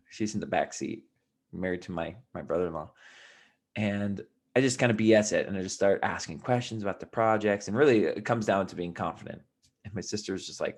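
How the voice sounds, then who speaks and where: A man with a fairly low voice tells his story in a loose, rambling way, restarting his sentences and sinking into a quiet mutter. He sounds a bit tired as he talks straight to his viewers. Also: moderate pace. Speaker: vlogger. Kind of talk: casual storytelling to camera.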